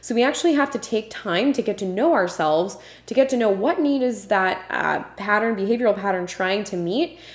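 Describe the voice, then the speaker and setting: A woman's voice: medium pitch, lively intonation, normal speed, hardly any pauses. A woman hosting her own podcast, talking alone in an earnest, passionate way with frequent ums and uhs. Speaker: podcast host. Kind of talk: solo podcast talk. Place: home room with a puppy nearby. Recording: roomy echo.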